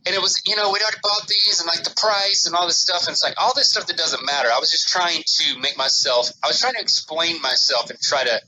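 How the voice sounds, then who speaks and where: A man co-hosting a podcast, telling a rambling casual story and loudly acting out his own panicked remarks. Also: a little high, quick pace, few pauses, a little hiss or hum, low-quality recording. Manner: rambling with many restarts and "like". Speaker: podcast co-host.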